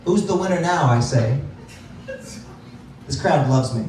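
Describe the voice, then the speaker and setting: A man's voice: medium pitch, expressive, measured pace, darkish tone, heavy reverb, distant mic, slight background noise, rough recording. A man doing a stand-up comedy set in a club, self-deprecating and laughing at his own jokes.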